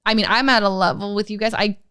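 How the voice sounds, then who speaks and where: A woman's voice: medium pitch, fast talker, clean tone, dry recording, studio quality. A young woman chatting casually as a podcast guest, telling a long personal story with lots of fillers. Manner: storytelling, animated, many fillers. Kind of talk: casual chat.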